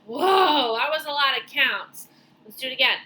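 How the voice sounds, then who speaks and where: A woman teaching a lesson to young children, speaking slowly and clearly as she encourages them to spell and clap out words. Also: high-pitched, lively intonation, background noise.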